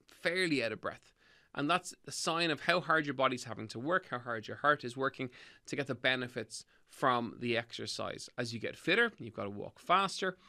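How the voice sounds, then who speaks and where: A man's voice: mid-range voice, bright, forceful tone. A middle-aged man with an Irish accent, hosting a solo health podcast and giving fitness tips in an emphatic, upbeat way. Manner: emphatic, upbeat, repeats key points. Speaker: podcast host and fitness coach.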